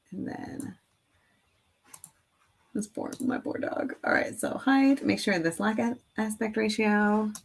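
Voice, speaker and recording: A woman's voice: mid-range voice, gravelly. A woman in her thirties chatting casually and rambling with laughs while making a craft design on screen. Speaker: craft video creator. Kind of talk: casual screen-recording chat.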